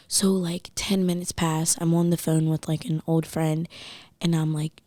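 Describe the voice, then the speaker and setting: Podcast guest, woman in her 20s, animated storyteller, slightly low voice, dry booth sound. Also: measured pace, dry recording. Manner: animated, says "like" a lot. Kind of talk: casual storytelling chat.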